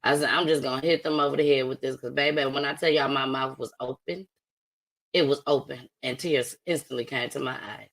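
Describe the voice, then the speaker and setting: A woman hosting a casual livestream talk show, playful and slangy, often laughing and talking loudly. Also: rumbling low, steady tone, fairly quick, poor audio. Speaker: host.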